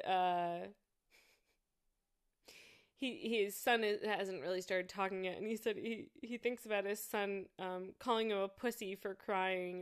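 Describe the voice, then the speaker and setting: A woman talking through her reactions to a show in a thoughtful, halting way, with frequent fillers and restarts. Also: mid-range voice, clear, resonant tone. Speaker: commentator reviewing a show. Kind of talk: casual spoken commentary.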